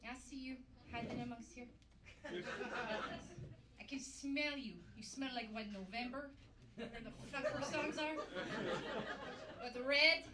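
A woman doing a live stand-up impression of a vain, over-the-top female diva singer with a put-on French-Canadian accent, talking loud and sing-song. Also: high-pitched, takes it slowly, long pauses. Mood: catty, teasing. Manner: loud, campy, sing-song, bursting into shouts. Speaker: comedian doing a character impression. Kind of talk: live stand-up character act. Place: comedy club stage. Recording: roomy live venue from far off, audience noise.

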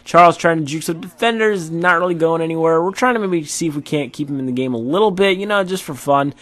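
A man's voice: on the high side, fast talker, a bit bright, no echo. A tired man doing casual, rambling commentary over his football video game match, with many fillers. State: tired, yawning. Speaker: gaming YouTuber.

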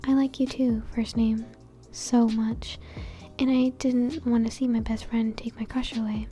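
A woman's voice: a little high, level tone, measured pace, faint music behind, close to an everyday voice. A woman whispering as a jealous teenage boy. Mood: remorseful. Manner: soft, hushed. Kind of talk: whispered role-play.

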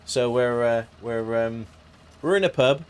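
A man's voice: mid-range voice, measured pace, darkish tone, clean tone. A man chatting casually on a live game stream, joking, laughing and thanking viewers by name.

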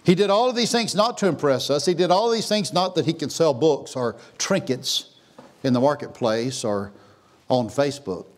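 A pastor preaching a sermon in a church, swinging from hushed, slow lines to loud, high exclamations. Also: male voice, expressive. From Texas. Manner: preaching with big swings, dropping to a hush then rising to a near shout. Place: church sanctuary.

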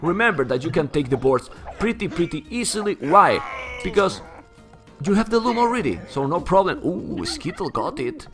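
A man with a Spanish accent, Spanish as his first language, giving excitable live commentary on a strategy game and calling everyone "man". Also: high voice, normal speed, music in the background. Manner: excitable, keeps saying "man", surges into shouts when hyped. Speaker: esports caster.

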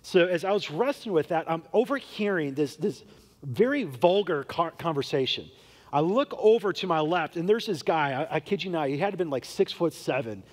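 A man's voice: fairly high pitch, lively intonation, normal speed, long reverb tail. A young adult man preaching a sermon as pastor, telling a story and acting out the dialogue in quoted voices. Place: church sanctuary.

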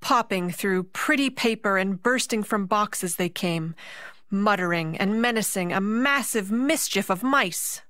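Brief: unhurried woman storyteller, measured pauses, dry close sound. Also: mid-range voice, fairly bright tone, dry recording. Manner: slow, deliberate storytelling with dramatic pauses. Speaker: narrator and puppeteer. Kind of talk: storytelling narration for a concert.

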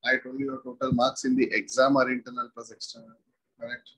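A man's voice: mid-range voice, flat delivery, quick pace, fairly bright tone, breathy edge, low-quality recording. A man teaching a physics class, repeating every point and asking the students rhetorical questions. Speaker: physics lecturer. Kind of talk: classroom lecture.

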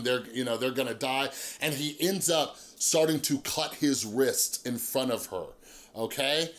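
A YouTuber in addiction recovery tells a story to camera in a casual vlog, sprinkling in "like," "right?" and "okay?" to check in. He's an animated storyteller who drops low and quiet at the grim moments.

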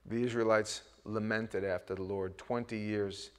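A middle-aged man preaching a sermon as pastor, talking with the congregation and swinging between hushed asides and loud, emphatic bursts. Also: on the low side, fairly even intonation, measured pace, smooth. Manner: conversational, asks the congregation questions.

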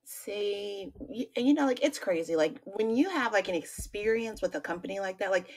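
Woman, podcast co-host, casual chat, quick reactions, laughs along. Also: mid-range voice, expressive, a little mellow, low-quality recording. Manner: chimes in with short reactions and laughs.

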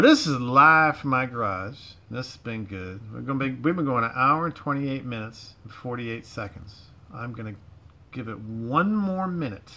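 A middle-aged Florida man with a bright, forward voice and a loose Southern drawl flecked with Cajun, chatting casually to a livestream audience. He rambles, restarts his sentences and leans on folksy slang, talking from his home garage. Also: medium pitch. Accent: Southern US drawl with Cajun touches. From Florida, USA. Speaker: livestream host.

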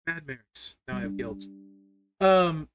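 A man hosting a live stream, telling family stories in a casual, animated way, laughing often and reading chat aloud. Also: a little high, measured pace, smooth, faint music behind. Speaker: livestream host.

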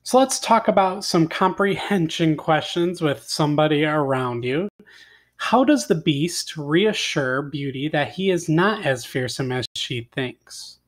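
Male teacher reading a story out loud, kinda high voice, asks the kids questions as he goes. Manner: expressive read-aloud, pausing for questions to the class. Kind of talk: reading a story aloud to students.

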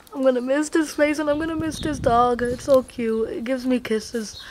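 A young woman chatting excitedly to her handheld camera while walking around outdoors, filling her talk with "like" and "guys". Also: high-pitched, unhurried. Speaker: vlogger. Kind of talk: casual travel vlog. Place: outdoors on a hot hillside and beach. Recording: noisy outdoor camera audio with wind.

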